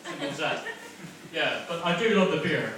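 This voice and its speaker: Young Northern Irish stand-up, self-deprecating and chatty, voice a touch high, caught from a distance in a booming, noisy club. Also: male voice, animated, moderate pace. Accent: softened Northern Irish. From Northern Ireland. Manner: chatty, self-mocking, bantering with the crowd. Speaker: stand-up comedian. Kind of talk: stand-up comedy set. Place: comedy club, live room. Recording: echoey club from far off, noisy.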